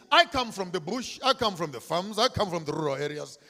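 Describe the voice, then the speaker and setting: A man delivers a fiery public speech, repeating key lines and swinging between near-whispers and shouts. His voice sits high and rings bright and forceful. The sound carries the long reverb of a large hall. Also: sing-song, fairly quick, vocal fry, few pauses. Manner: declamatory, repetitive emphasis, swinging from hushed to shouted. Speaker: speaker at a commemorative event.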